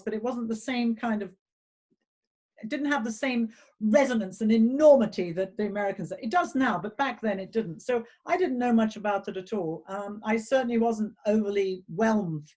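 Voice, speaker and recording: A woman's voice: medium pitch, normal speed, mellow. A woman from England, a guest actress telling a chatty, self-deprecating anecdote over a video call.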